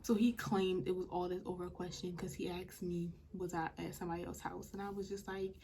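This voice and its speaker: A woman's voice: fairly low pitch, flat delivery, brisk, few pauses, warm tone, a little hiss or hum. A young woman vlogger telling a storytime in a casual, chatty way, with a lot of "like". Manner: chatty, lots of "like".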